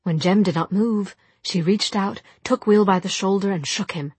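A woman narrating an audiobook in a soft, measured storytelling manner. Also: mid-range voice, slightly rough, no echo. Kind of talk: audiobook reading.

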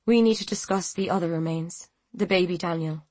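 A woman voicing a tactful, diplomatic woman who speaks gently. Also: on the low side, a little fast, no echo, lightly acted. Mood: earnest.

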